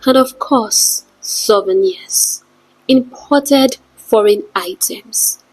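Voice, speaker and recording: A woman's voice: mid-range voice, expressive, unhurried, breathy edge, no room sound, low-quality recording. Makoka, a woman voicing a jealous rich snob. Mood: boastful. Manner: snappish, demanding, boastful. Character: jealous vain rich woman, sharp and scheming.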